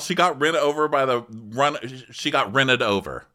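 A man's voice: on the high side, moderate pace, hardly any pauses, sharp tone. A man co-hosting a comedic reality TV recap podcast, chatting with mocking, campy asides. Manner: camp, mocking impressions of cast members. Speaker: podcast co-host.

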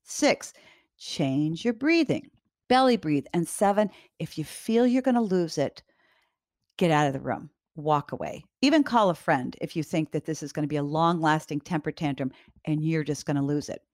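Woman, lower voice, calm and direct parenting teacher, dry sound. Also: normal speed, no echo. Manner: calm, direct, repeats key advice. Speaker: parenting educator. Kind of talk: instructional talk to parents.

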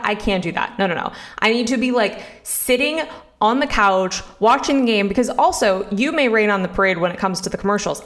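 A woman's voice: medium pitch, a bit bright. A woman co-hosting a sports talk show, chatty and enthusiastic, with plenty of fillers and teasing. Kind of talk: casual chat.

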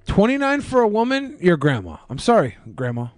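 A man's voice: sits high, huge pitch swings, brisk, no echo. A man in his thirties co-hosting a podcast, riffing crude jokes in casual chat. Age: 30s. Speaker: podcast co-host.

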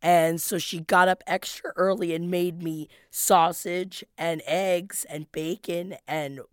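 A woman co-hosting a podcast in casual chat, her voice husky and sultry as it comes back after being lost, playful and quick to laugh. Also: fairly low pitch, steady tone, dry recording, clean studio sound. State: hoarse, voice just returning.

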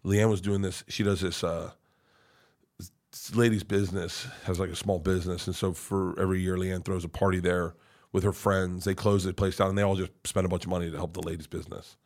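A man's voice: low-pitched, level tone, brisk, darkish tone. A middle-aged man, a podcast guest, telling personal stories in a loose, rambling way, with lots of swearing, restarts and laughter. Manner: rambling, profane, emotional, with frequent restarts and laughs. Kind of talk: casual storytelling chat.

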